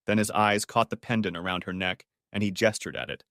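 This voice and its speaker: A man narrating an audiobook story in an expressive, animated way. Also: on the low side, brisk, no room sound, studio quality.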